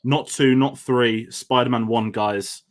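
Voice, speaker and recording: Man, quiz co-host, casual and self-deprecating, mid pitch. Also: steady tone, takes it slowly. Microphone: headphones on.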